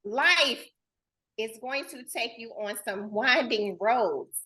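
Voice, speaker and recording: A fairly high-pitched woman with a bright, forward tone hosts a heartfelt, casual conversation. She sounds earnest and emotional, and talks straight to her listeners in easy, folksy speech. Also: lively intonation, slow. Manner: informal and folksy, full of "girl" and "y'all". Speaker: host.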